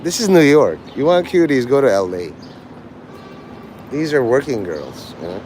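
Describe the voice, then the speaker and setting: A man's voice: mid-range voice, big pitch swings, moderate pace, a little mellow, slight background noise. A man livestreaming to a chat, rambling crudely from joke to joke and breaking into laughter. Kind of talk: rambling live-stream chat.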